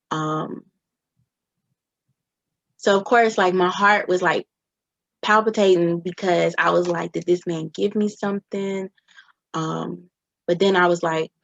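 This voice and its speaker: A woman's voice: fairly low pitch, creaky, no room sound, muffled recording. A young adult woman recounting her own experiences in an interview, often voicing what others said. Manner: recounting events with quoted dialogue. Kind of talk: personal testimony.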